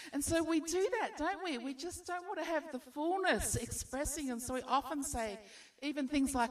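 A woman's voice: fairly high pitch, steady tone, normal speed, hardly any pauses, far from the mic. A woman preaching a sermon, encouraging her listeners with rhetorical questions.

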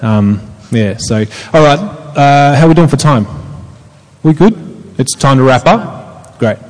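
A man hosting a church panel in casual chat, relaxed and filler-heavy, often restarting. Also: medium pitch, a little slow, big-room sound, poor audio.

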